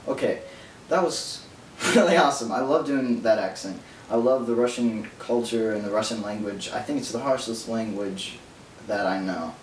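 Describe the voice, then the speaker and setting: A man vlogging alone in a casual, rambling monologue, talking fast and drifting into nerdy tangents. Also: fairly low pitch. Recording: roomy echo from distance, faint hum.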